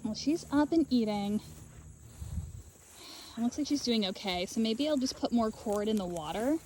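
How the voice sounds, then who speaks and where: A woman sheep farmer filming a casual vlog outdoors in her pen on a handheld camera, chatting and coaxing her animals in a high sing-song. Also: animated, moderate pace, a little mellow, a little hiss or hum. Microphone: handheld camera while working.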